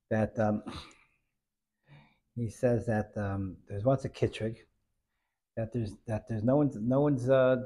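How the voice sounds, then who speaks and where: A man's voice: mid-range voice, mellow. A man telling a Hasidic story in an informal lesson, rambling with many restarts and dropping in Yiddish and Hebrew terms.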